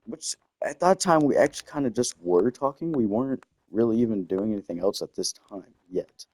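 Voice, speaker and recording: Rambling young man, low and dry. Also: expressive, a little fast, darkish tone, no echo. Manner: rambling, self-interrupting with game asides. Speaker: gaming storyteller. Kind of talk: casual storytelling over gameplay. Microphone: desktop microphone.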